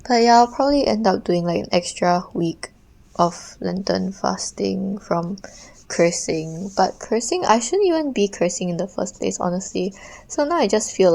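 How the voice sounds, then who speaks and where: A woman's voice: medium pitch, expressive, measured pace, vocal fry, darkish tone, low-quality recording. A young woman, an art streamer, chatting casually and ramblingly while she draws, full of slang. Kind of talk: casual chat while drawing.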